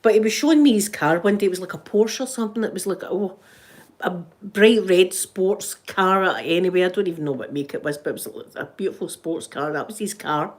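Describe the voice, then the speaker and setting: A woman's voice: fairly low pitch, fairly quick. A middle-aged Scottish woman chatting on a livestream, telling stories with lots of restarts and laughs. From Scotland. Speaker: livestream host. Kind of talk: casual chat reading live comments.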